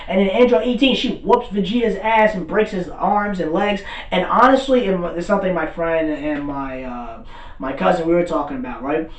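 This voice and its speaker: A man in a casual, excitable recap rant about an anime, rambling, swearing and filling gaps with "blah, blah". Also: high-pitched, brisk. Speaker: anime commentator. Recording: roomy, far from mic.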